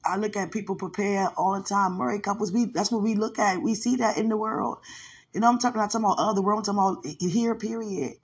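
A woman, a mother, softly and emotionally talking aloud to a loved one in a personal podcast monologue, close to tears. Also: medium pitch, steady tone, fast, slightly rough. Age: adult with a son. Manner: soft, intimate, thinking aloud. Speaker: podcast host.

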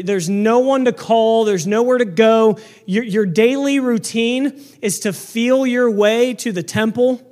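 Male pastor, very high voice, loud and earnest, preaching into a mic, frequent restarts. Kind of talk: sermon. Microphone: microphone.

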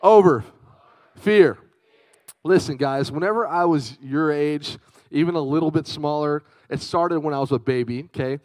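A young man giving a youth sermon, telling a personal story in a chatty, lively way and calling out to his young audience. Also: a little high, normal speed, no room sound. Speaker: youth speaker.

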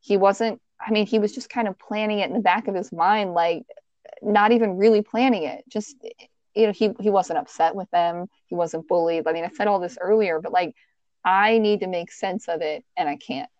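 A woman co-hosting a casual true-crime podcast, talking in a halting way and searching for her words. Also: medium pitch, darkish tone, no room sound. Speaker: podcast co-host. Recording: dull, dry lo-fi recording.

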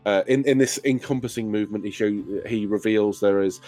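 A man's voice: on the low side, steady tone, brisk, mellow, faint music behind. A man narrating as game master, loose and hesitant, full of fillers.

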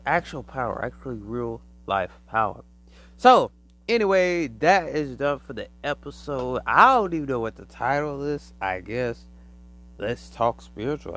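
A man's voice: medium pitch, fairly bright tone, rough recording. A man hosting his own podcast, telling a loose story in casual slang. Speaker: podcast host. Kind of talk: casual solo monologue.

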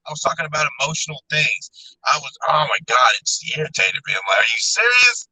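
A man's voice: on the high side, lively intonation, fast talker, bright, forceful tone, slightly rough, low-quality recording. A man guesting on a podcast, telling stories animatedly, acting out quotes and swearing. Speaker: guest content creator. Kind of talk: casual chat.

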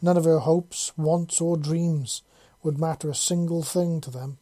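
A narrator reading a chapter of fan fiction aloud with steady, even pacing. The voice is very dark and mellow, and the recording is dry and close with no room sound. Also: medium pitch, measured pace, no room sound. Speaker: audiobook narrator.

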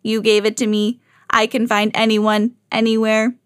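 A proud robot cat , put on by a woman reading a storybook, speaks at a deliberate, mechanical pace. Each word comes out flat and careful, a little lower than her usual voice, recorded close and dry. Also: smooth, no room sound, natural voice. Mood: flat robotic. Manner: slow, even robotic delivery. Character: proud male robot cat, literal and tireless.

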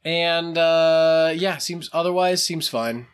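Relaxed man explaining science. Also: a little high, slow, smooth. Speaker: podcast co-host. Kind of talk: casual chat.

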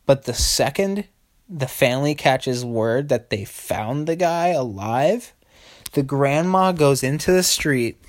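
A man's voice: mid-range voice, expressive, takes it slowly. A man hosting a solo comedy podcast, rambling crudely with lots of swearing and laughter. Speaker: podcast host.

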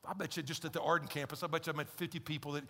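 A male pastor preaching a conversational, emphatic sermon in a large church, swinging from loud to hushed. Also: on the high side, fairly even intonation, very fast. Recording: long hall reverb in a church.

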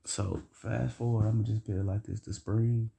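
A man's voice: lowish voice, flat delivery, moderate pace, creaky, dark tone, husky. A young man casually telling a rambling, slangy, profane personal story for his vlog.

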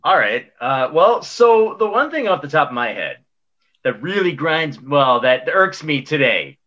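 A man's voice: fairly high pitch, very animated, unhurried, bright, forceful tone, muffled recording. A man co-hosting a podcast, ranting emphatically about something that annoys him. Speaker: co-host. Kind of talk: casual podcast chat.

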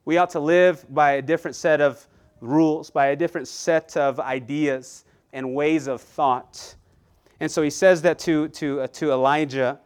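Male pastor, lively sermon delivery, smooth resonant voice, slightly high. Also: moderate pace. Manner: animated preaching with frequent repetitions and asides to the congregation.

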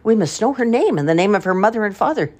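Kindly village women voiced by a grandmother, storybook reading, husky, lively. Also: medium pitch, fast, voice pushed up, close to an everyday voice. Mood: coaxing. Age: older.

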